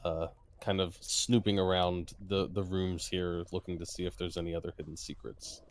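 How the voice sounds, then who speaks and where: Player, male, deep voice, easygoing, describes his character's moves. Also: little pitch movement, moderate pace, a little hiss or hum. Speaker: tabletop game player. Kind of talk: casual game chat.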